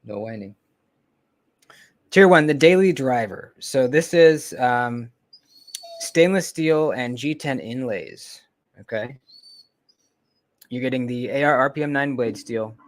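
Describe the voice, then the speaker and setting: A man's voice: medium pitch, slow, long pauses. Rambling casual man on a livestream. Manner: relaxed, rambling, lots of ums and trailing off. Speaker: knife channel host. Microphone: close desk mic.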